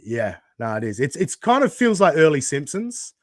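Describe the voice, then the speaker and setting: A man's voice: a little high, very animated, moderate pace, no echo, studio quality. A man from Australia hosting a casual chat, laughing often and swearing as he reacts. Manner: laughing, swearing, reads out viewer tips. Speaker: host. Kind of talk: casual chat over a watched stream.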